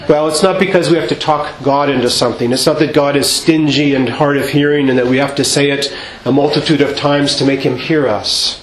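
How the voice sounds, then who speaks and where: A male priest giving a measured sermon in a church, asking rhetorical questions and singing out quoted refrains. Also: on the high side, fairly even intonation, a little hiss or hum. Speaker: Orthodox priest. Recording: echoey church with faint ambience.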